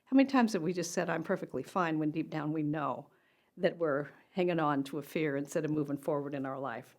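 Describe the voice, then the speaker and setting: A woman's voice: low-pitched, fairly quick. An older woman, a motivational speaker, telling a personal story straight to camera in an earnest, conversational way.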